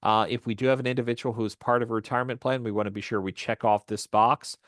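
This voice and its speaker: A man teaching volunteer tax preparers, walking through a form step by step in a steady explanatory way with frequent fillers. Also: fairly low pitch, dry recording, studio quality. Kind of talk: instructional walkthrough.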